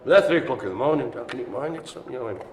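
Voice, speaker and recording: A man's voice: mid-range voice, lively intonation, rapid-fire, noisy background. A man calling a live-streamed bingo game in an indoor room with a small audience, chatty and teasing. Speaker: bingo caller. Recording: echoey room.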